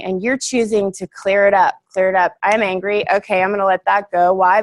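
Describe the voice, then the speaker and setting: A young woman giving a casual, earnest workshop talk to a group, chatty and full of fillers, laughing easily. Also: mid-range voice.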